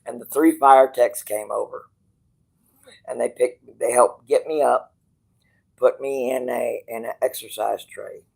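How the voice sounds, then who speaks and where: A man with a rough, gravelly voice talks to his viewers at an unhurried, drawn-out pace. He rambles and restarts, acts out the dialogue of others, and swears casually as he goes. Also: medium pitch, fairly even intonation, low-quality recording. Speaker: channel host.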